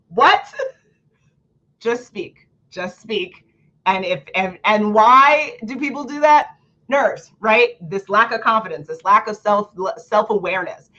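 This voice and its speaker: A lively woman hosts a book club stream in a chatty, animated way, scattering "like" through her sentences and laughing often. Her voice sits in a middle range. The audio is a bit dull and lo-fi, as from a home streaming setup. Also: medium pitch, a little slow. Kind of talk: casual livestream talk on public speaking. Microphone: home computer or camera setup.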